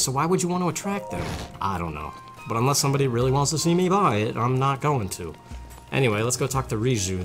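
A man hosting casual gameplay commentary, rambling and joking, often mocking himself. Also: medium pitch. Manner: jokey, rambling, self-mocking. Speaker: gaming channel host.

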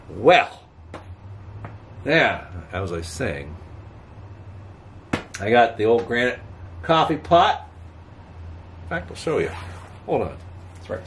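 A man's voice: mid-range voice, sing-song, takes it slowly, long pauses, a bit bright. A man vlogging outdoors by a road, rambling casually to camera with chuckles. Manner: rambling, chatty, chuckling, talks back to passing traffic. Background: faint outdoor ambience, passing cars.

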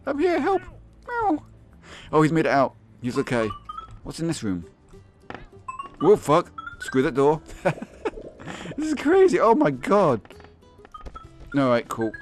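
A young man giving excitable, swearing commentary on a game, laughing often and yelping in high squeaks. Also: measured pace, long pauses, faint music behind. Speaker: gaming video host.

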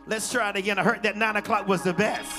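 Singsong high-voiced preacher man. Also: little pitch movement, fast talker. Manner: call-and-response preaching, sings phrases. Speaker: pastor. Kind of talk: sermon. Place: large church. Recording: live church stream with music behind.

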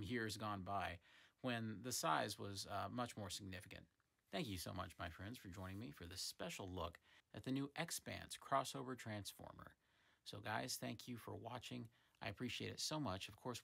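A man's voice: on the low side, vocal fry, fairly bright tone, breathy edge. A man hosting his own channel, reviewing a toy in a casual, easygoing way, hedging often, and closing with a friendly sign-off.

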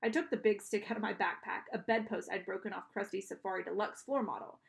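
A woman's voice: mid-range voice, fairly even intonation, quick pace, gravelly. A woman reading a storybook aloud, narrating and voicing the characters, with small restarts and self-corrections. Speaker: audiobook reader.

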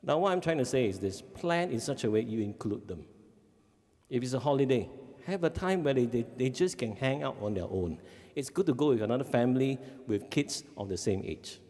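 A man with a Singaporean English accent gives a parenting seminar talk as a family life educator, animated and often checking in with the audience. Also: medium pitch, fairly quick. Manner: animated, acts out kids' voices, frequent "okay?" checks. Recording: long hall reverb.

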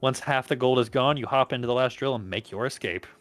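A man's voice: medium pitch, quick pace, fairly bright tone, soft background music. Casual man narrating a story game. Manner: reads along with stumbles and laughs. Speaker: host reading an interactive story game.

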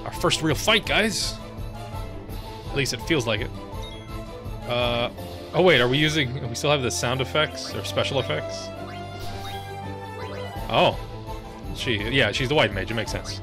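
Medium-pitched and a little slow, with frequent pauses, a man commentates his first playthrough of a game as a let's player. He acts out the characters' lines in playful theatrical voices and swears casually, over faint game music.

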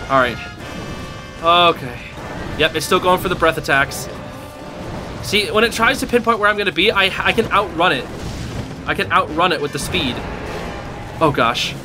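An excitable young man calls out his moves while gaming, his voice sitting high and swinging widely as he yelps through the tense moments. Game music plays clearly behind him. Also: moderate pace, pauses often. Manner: excitable, yelps and laughs under pressure; casual slang, says dude and bro. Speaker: gaming channel host. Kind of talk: live gameplay commentary.

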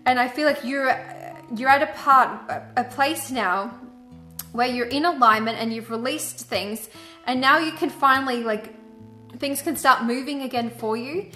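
Woman card reader, chatty and earnest, bright higher voice, echoey room with soft music behind. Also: moderate pace. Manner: chatty, earnest, heavy use of "like". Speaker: tarot and angel card reader. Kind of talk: casual spiritual guidance vlog.

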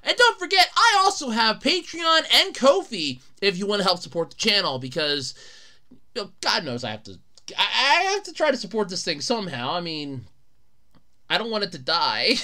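A young man hosting a solo podcast, chatting casually, excitable, often laughing and shouting. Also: high voice, normal speed. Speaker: podcast host.

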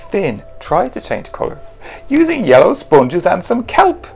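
Slow, animated man reading a storybook. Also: fairly high pitch, creaky, faint music behind. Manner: animated and playful, adds sound effects. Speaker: author reading his picture book.

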